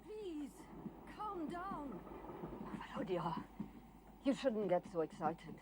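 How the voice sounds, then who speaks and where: Brief: woman playing a composed wife, mid pitch, measured, noisy soundtrack. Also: animated, lightly acted. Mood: soothing. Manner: measured, soothing. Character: calm middle-aged woman, leader's wife. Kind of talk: 1980s TV drama acting.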